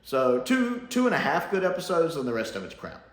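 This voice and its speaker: A man's voice: fairly high pitch, huge pitch swings, brisk. A man giving a casual, profane review rant as a YouTube reviewer, swinging between scorn and delight. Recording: roomy room echo.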